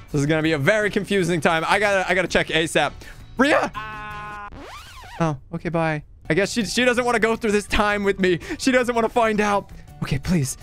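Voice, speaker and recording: A man's voice: sits high, fairly bright tone. A young man from Canada giving playful, dramatic comedic commentary while playing a video game. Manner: playful, dramatic, jokey with frequent laughs. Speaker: gaming YouTuber.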